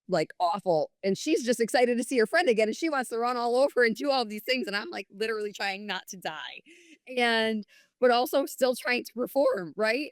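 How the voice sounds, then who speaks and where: A woman's voice: medium pitch, dry recording, clean studio sound. A woman from New York telling her personal story as a guest, earnest and candid, often quoting herself and others in conversation. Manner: earnest, candid storytelling with frequent "I was like" and quoted dialogue. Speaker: podcast guest.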